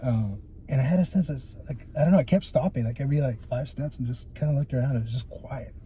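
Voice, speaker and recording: A guest photographer, young and male, talks fast in a medium-pitched voice, with a little hiss or hum in the recording. He swears freely through his animated podcast stories, constantly dropping "dude" and "like."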